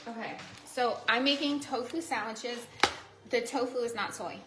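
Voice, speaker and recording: Female livestream host, higher voice, bright and excitable, cooks and talks to fans in an echoey kitchen. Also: moderate pace, over music. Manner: bubbly, greets and thanks viewers with sudden excited squeals. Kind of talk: casual livestream chat while cooking. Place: home kitchen.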